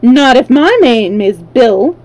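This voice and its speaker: A woman voicing a proud, scrappy yellow hen who talks back in brash slang. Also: high-pitched, expressive, measured pace, poor audio. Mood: defiant. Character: feisty, defiant yellow hen.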